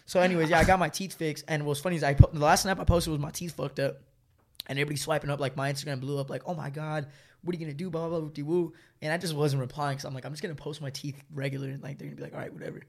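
A man's voice: a little high, fairly even intonation, very fast. A young man, telling a long story in slangy, rambling casual chat and laughing often. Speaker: storyteller guest.

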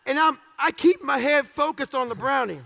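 A man's voice, pitched unusually high and edged with a gravelly rasp, rolls out a motivational speech. He talks in short, punchy fragments and keeps it raw with swearing and jokes at his own expense. The tone is bright and sharp. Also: normal speed, slight background noise. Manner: blunt, profane, self-mocking humor; punchy clipped phrases. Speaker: motivational speaker.

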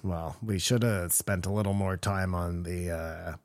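A man's voice: low voice, fairly even intonation, unhurried, no room sound, studio quality. A man co-hosting a podcast, chatting casually with joking, teasing banter. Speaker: podcast co-host. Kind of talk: casual chat.

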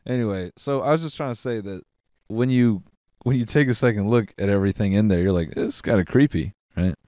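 Young man, low mellow voice, dry close mic, casual read-aloud banter. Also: dry recording. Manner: reads aloud haltingly, laughs, swears. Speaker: podcast co-host reading a story. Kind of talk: casual chat.

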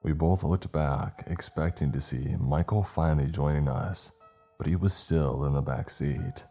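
Deep dark guy narrating a scary story slow and ominous, faint music under it. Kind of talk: scripted horror narration.

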